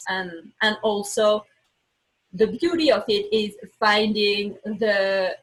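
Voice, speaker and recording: Husky-voiced woman telling a candid story. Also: slow, low-quality recording. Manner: animated, reenacts her own words with lively pitch; speaks English as a second language, with small slips. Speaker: podcast guest.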